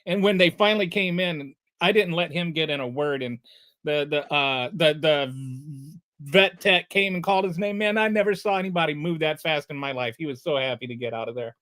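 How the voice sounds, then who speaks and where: A man's voice: fairly high pitch, moderate pace. Middle-aged man telling a rambling anecdote. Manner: animated anecdote teller, rambling with filler words. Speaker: podcast host. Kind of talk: casual conversational storytelling.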